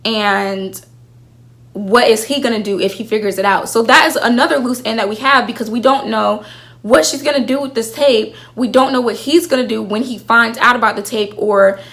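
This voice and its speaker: A young woman vlogging in a casual, animated way, slangy and full of rhetorical questions. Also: on the high side, moderate pace. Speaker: vlogger reviewing a TV show. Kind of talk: casual chat to camera.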